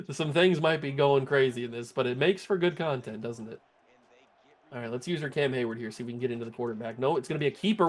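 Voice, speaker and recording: Speaking quickly at a medium pitch, this gaming-channel host calls out the action of his video game as it happens. He laughs often and yells incredulously when glitches appear.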